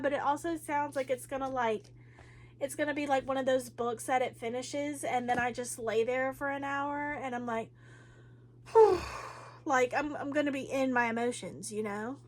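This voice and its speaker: A woman's voice: high-pitched, measured pace. A woman book vlogger chatting casually about books, rambling and emotional, with many fillers and restarts. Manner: emotional, with sighs and laughs.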